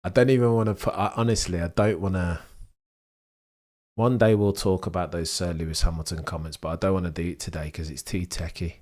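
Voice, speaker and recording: A young British man hosting a live sports watchalong, chatting with viewers and reacting to the race in a rambling, excitable way. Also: low-pitched, brisk. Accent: British English. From England. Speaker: livestream host. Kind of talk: live sports watchalong commentary, reading chat.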